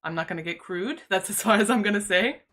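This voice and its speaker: Woman, streamer, casual storytelling, chatty, filler-heavy, bright tone. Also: mid-range voice, fast.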